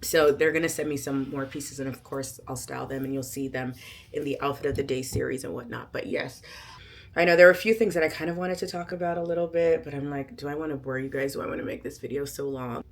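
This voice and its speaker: A middle-aged woman vlogger chatting casually to her viewers, animated and emphatic, often laughing and bursting into loud exclamations. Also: rumbling low, quick pace. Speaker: lifestyle vlogger. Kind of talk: casual chat to camera.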